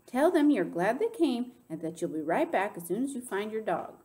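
A woman voicing a caring older woman who speaks slowly and firmly in a storybook read-aloud. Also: mid-range voice, big pitch swings, pitched above the performer's own voice, natural voice. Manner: slow, firm, gentle.

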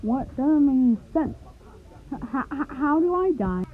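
A woman plays a dim-witted male goblin villain who stammers and whines through every answer, in a fan cartoon. The voice sits a little high and comes through a thin, phone-like recording. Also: lively intonation, normal speed. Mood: whiny. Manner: hesitant, stammering, whiny. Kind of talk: fan animation voice acting. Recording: tinny lo-fi home recording.

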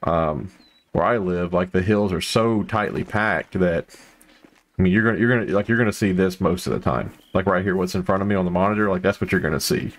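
Deep-voiced man rambling over a hunting game. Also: fairly quick. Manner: rambling, lots of fillers, excited outbursts. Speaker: gameplay commentator. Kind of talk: casual gameplay commentary.

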